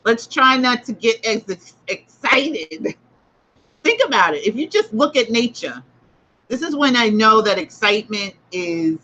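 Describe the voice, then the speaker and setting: Bright-voiced woman hosting a spiritual talk. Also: medium pitch, muffled recording. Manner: emphatic, repetitive, preachy. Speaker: host. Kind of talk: livestream spiritual book discussion.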